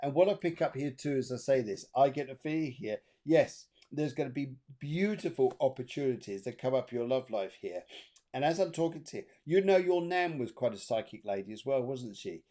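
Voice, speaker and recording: A man's voice: expressive, brisk, warm tone. A man hosting a live-streamed psychic reading show, chatty and upbeat as he passes on messages. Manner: chatty and upbeat, sings snatches of song in falsetto. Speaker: spiritual medium, co-host.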